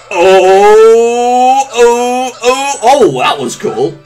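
A woman's voice: on the low side, sing-song, a little slow. Goofy woman rambling over gameplay. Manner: goofy, rambling, breaks into silly sing-song asides. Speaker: let's play gamer. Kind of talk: casual gameplay commentary. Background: faint video game music.

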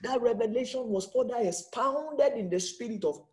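A man preaching a sermon, acting out quotes and swinging between shouts and hushed lines, repeating words for emphasis. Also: very high-pitched, normal speed. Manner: dramatic, swings from loud to hushed, acts out quotes.

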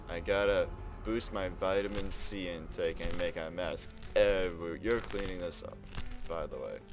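A man giving casual let's play commentary, excitably exclaiming and narrating what he does in the game. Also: low-pitched. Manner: excitable, exclaims and narrates his own actions. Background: game music.

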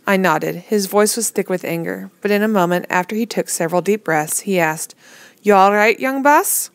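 A woman's voice: lowish voice, fairly even intonation, a little fast, creaky, dry recording. Woman reading a novel aloud. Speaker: reader.

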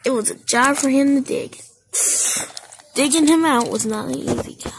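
Woman, amateur storyteller; high, gravelly, slow, stumbling through the script. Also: noisy background. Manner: halting, stumbling, with frequent slips and restarts. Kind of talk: amateur narration of a toy-train story.

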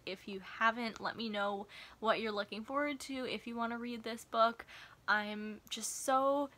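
Bright, gushing woman book vlogger. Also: medium pitch. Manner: gushing, excitable, chatty. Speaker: book reviewer. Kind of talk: casual vlog review.

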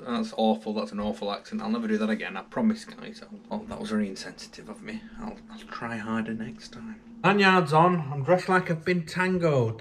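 A man's voice: medium pitch, normal speed, slight background noise. A young man filming a casual daily vlog at home on a handheld camera, talking with dry, self-mocking humour. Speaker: vlogger. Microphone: camera held while filming himself.

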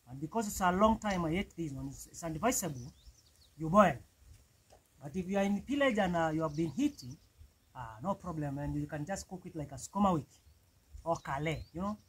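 High-voiced Kenyan man vlogging outdoors. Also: slightly rough, low-quality recording. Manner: chatty, repeats "man" often. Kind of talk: casual cooking vlog. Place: outdoors in a village, cooking on a wood fire.

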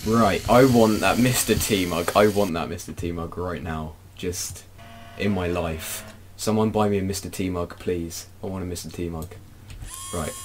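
A young British man giving playful Let's Play commentary, breaking into frustrated shouts. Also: sits low, slight background noise. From Britain. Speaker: gaming YouTuber.

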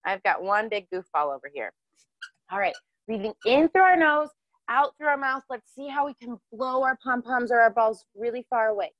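A woman's voice: fairly high pitch, lively intonation, normal speed, a bit bright, no echo, highs cut off. A woman leading a children's yoga class, cheerful and encouraging, asking the kids questions as she guides their breathing.

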